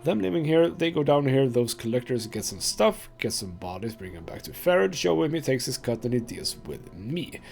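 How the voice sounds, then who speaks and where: A man's voice: mid-range voice, very animated, moderate pace, gravelly, hardly any pauses, darkish tone, soft background music. A man reading the lines of a short, filthy, wheezing male junk trader in a video game. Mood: matter-of-fact.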